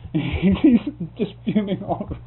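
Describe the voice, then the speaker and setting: A man's voice: high voice, lively intonation, slow pace. Chuckling man spinning a yarn, lo-fi. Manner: chuckles often, rambling, restarts words. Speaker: interviewee telling a work story. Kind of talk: casual storytelling. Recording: phone-like lo-fi tape with faint hum.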